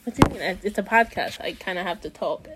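A woman with a mid-range voice talks fast over heavy background noise. She hosts a casual podcast, reading a bedtime story aloud but often rambling off topic and filling her talk with "like."

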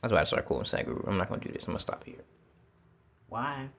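A man's voice: fairly low pitch, big pitch swings, fast, creaky, fairly bright tone. A man who works as a teacher, talking through his thoughts in a casual, reflective monologue outdoors, repeating words and swearing now and then. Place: outdoors with feet in water.

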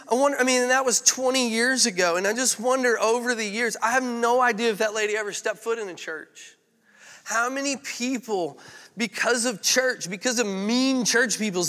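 A man's voice: high-pitched, pushed and bright, in a large hall. A male pastor preaching a sermon in a candid, conversational storytelling way.

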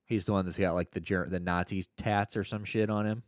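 A man co-hosting a podcast in casual chat, rambling and profane with excitable bursts. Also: low-pitched, a little fast, dry recording, studio quality. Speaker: podcast co-host.

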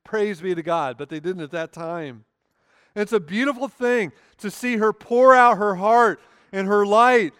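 A male pastor preaches a sermon in an earnest, deliberate way, slowing down to stress key phrases. His voice sits high and comes across smooth and clear. The sound is dry and close, with little room echo. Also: a bit bright. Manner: earnest preaching with slow emphatic pauses. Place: church sanctuary.

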